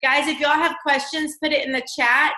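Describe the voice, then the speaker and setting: A woman's voice: sits high, fairly even intonation, normal speed, pushed and bright, reverberant, poor audio. A woman with a Southern US accent hosting a team video call, gushing and effusive. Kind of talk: emotional casual chat on a video call.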